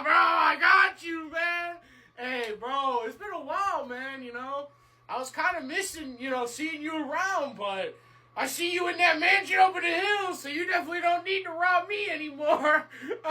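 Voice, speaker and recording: A woman's voice: very high voice, sharp tone, full character voice. A woman voicing a broke, emotional shop clerk who talks in slang. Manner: slangy, emotional, weepy and laughing. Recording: distant mic with noise.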